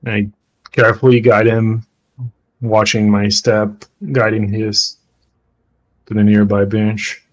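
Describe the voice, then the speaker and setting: A man's voice: fairly low pitch, monotone, rough recording. A man playing a tabletop game, hesitantly describing his character's actions. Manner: hesitant, halting. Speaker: player.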